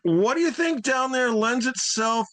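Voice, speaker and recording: A man's voice: very high voice, expressive, unhurried, fairly bright tone. A man hosting an interview, asking curious questions and encouraging his guest. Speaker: podcast host. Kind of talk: casual interview.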